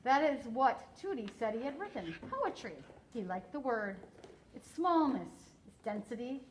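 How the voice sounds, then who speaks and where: A woman teacher reading a novel aloud to her class, expressive and slowing down for emphasis, pausing to ask students questions. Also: on the high side, slight background noise, poor audio.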